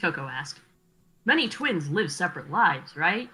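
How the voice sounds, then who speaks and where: A woman's voice: lowish voice, sing-song, a little slow, sharp tone, low-quality recording. A woman co-hosting a casual book reading, reading narration aloud and joking between passages. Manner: laughs easily, jokes between passages. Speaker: co-host reading a novel aloud.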